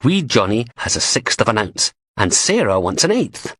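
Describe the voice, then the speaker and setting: A man's voice: mid-range voice, sing-song, moderate pace, fairly bright tone, husky, no room sound. A man narrating a crime thriller audiobook in a gritty, sardonic way.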